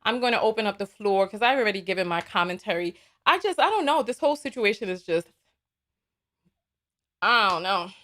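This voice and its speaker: A woman's voice: mid-range voice, lively intonation, fairly quick, a bit bright. A woman hosting a live reaction stream, reading viewer comments in a blunt, exasperated way and often repeating herself. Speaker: livestream host.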